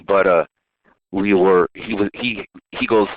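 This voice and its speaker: Low-voiced rapper on a tinny line. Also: male voice, steady tone, measured pace, no echo. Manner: loose, rambling, with restarts and laughs. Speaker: rapper and producer. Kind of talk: casual interview storytelling.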